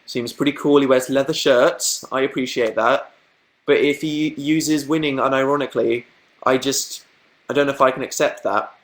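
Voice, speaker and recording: A young man hosts a casual livestream, telling stories, reading comments, and laughing a lot. His voice is a bit bright with fairly even intonation at a normal speed, and he acts out quotes in higher voices.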